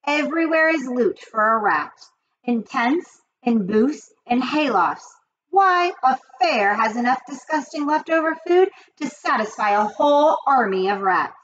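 A woman's voice: high-pitched, expressive, measured pace, a bit bright, highs cut off. A woman voicing a wise old female sheep who lists things with relish. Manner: relishing, listing with gusto.

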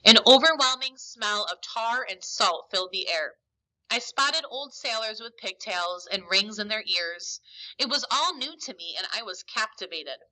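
Bright-voiced woman reading a story aloud. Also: mid-range voice, normal speed, rough recording. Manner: expressive, emphatic storytelling. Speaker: teacher.

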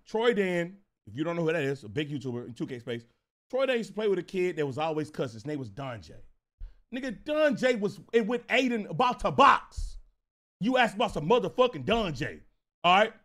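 A man telling a casual storytime, animated and profane, repeating himself as he goes. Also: high-pitched. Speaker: storyteller vlogger.

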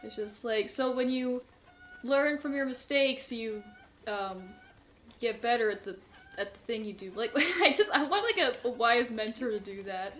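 A woman's voice: on the high side, animated, normal speed, a bit bright, slight background noise. A young woman commenting on her own gameplay, who panics and shrieks in tense moments, then rambles and laughs at herself. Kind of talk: let's play commentary.

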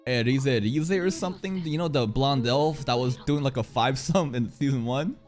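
An anime reaction host giving casual, excitable commentary, swearing a lot and laughing often. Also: mid-range voice, normal speed, soft background music.

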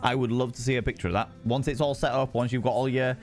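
Young male streamer, mid-pitched, playful and sweary, faint music behind. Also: level tone, fast talker. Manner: playful, sweary, addresses chat by name. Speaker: streamer chatting with viewers. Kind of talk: casual live-stream chat.

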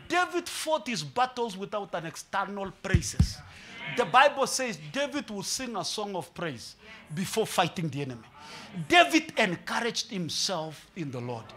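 High, bright preacher. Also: male voice, moderate pace, a little hiss or hum. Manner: animated preaching, swinging from hushed to shouting; mixes English and Swahili with humor. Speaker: pastor. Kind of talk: sermon.

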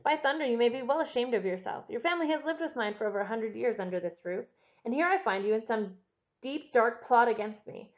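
A woman's voice: on the high side, fairly quick, hardly any pauses, lo-fi sound, lightly acted. A woman voicing a stern young baronet who demands answers from his butler, in an audiobook reading. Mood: angry. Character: stern young male baronet, master of the house.

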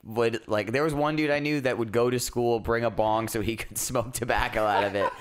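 A man's voice: medium pitch, fairly even intonation, a little fast, a crowd in the background. A young man co-hosting a podcast, chatting casually and swearing, reacting with short exclamations. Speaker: podcast co-host. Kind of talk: casual chat.

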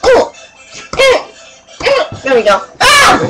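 A young woman vlogs into her webcam in a higher voice. She keeps breaking off to laugh at and scold the friends messing with her. Music plays clearly in the room. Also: lively intonation, normal speed, rough recording. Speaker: vlogger. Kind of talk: casual chat to camera. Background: music playing.

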